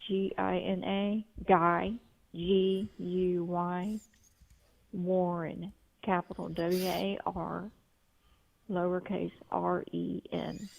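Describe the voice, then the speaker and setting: A woman's voice: fairly low pitch, little pitch movement, drawn-out words, gravelly, no echo. A woman caller telling a story on a phone line, rambling, with frequent restarts. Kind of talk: call-in testimony. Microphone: telephone. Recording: tinny phone line, dry.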